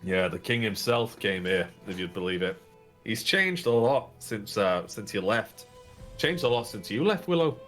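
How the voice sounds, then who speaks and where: A man's voice: on the low side, expressive, normal speed, a bit bright, faint music behind. A man narrating as game master and voicing the non-player characters in a tabletop role-playing game, in a casual, rambling way.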